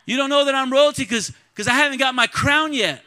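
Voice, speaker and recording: A man preaching a sermon to his church congregation, calling out to the crowd and swinging between quiet talk and loud shouts. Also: extremely high pitch, brisk. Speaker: pastor. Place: church sanctuary.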